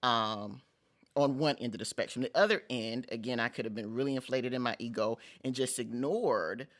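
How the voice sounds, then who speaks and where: A man's voice: mid-range voice, moderate pace, fairly bright tone. A middle-aged man hosting a vlog, giving a conversational, emphatic pep talk with casual slang and repeated phrases for emphasis. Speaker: host.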